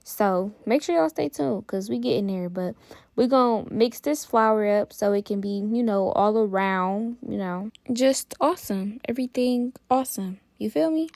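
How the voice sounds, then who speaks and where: A woman hosting a cooking channel, talking viewers through a recipe in a chatty, relaxed way. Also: mid-range voice, normal speed, no echo. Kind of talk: casual cooking tutorial.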